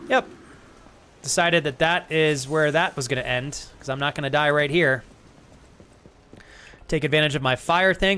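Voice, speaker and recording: A man's voice: on the high side, moderate pace, long pauses, fairly bright tone, faint music behind. A man live-streaming a game, joking crudely with chat and thanking viewers as he plays. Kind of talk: live gaming stream banter.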